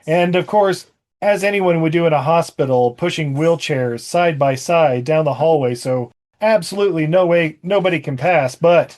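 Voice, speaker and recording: A man with a slightly high, darkish voice speaks at a normal speed as he co-hosts a podcast. He jokes about a movie in a casual, comedic way, laughing often and bursting into mock voices.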